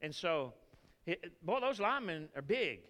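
A man with a Texan drawl delivers a sermon in a bright, forceful voice pitched a little high. He mixes scripture with folksy stories in an animated way. The sound carries the long reverb of a church hall. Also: moderate pace. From Texas. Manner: animated, folksy preaching with storytelling. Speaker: pastor.

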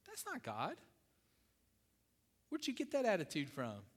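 A man's voice: high-pitched, huge pitch swings, normal speed, in a large hall. A middle-aged man preaching a sermon, emphatic, repeating key phrases and asking his congregation questions. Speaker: pastor.

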